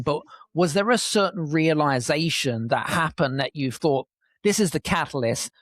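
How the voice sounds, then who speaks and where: A man's voice: fairly high pitch, no room sound, clean studio sound. A man hosting an interview who asks long, rambling questions and restarts them often. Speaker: host.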